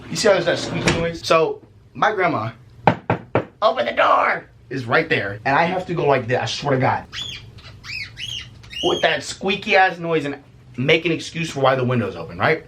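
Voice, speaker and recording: Young guy telling a storytime vlog, super lively up-and-down voice, swears a lot, laughs. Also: fairly high pitch, moderate pace, noisy background. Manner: animated, profane, laughs often. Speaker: vlogger. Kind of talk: casual storytime.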